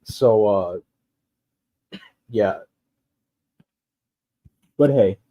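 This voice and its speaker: A man's voice: fairly low pitch, extremely slow. A man ranting casually in a rambling, profane way with lots of fillers, on a dull lo-fi recording. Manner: rambling, profane, loose delivery with frequent fillers and laughs. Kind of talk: casual rant.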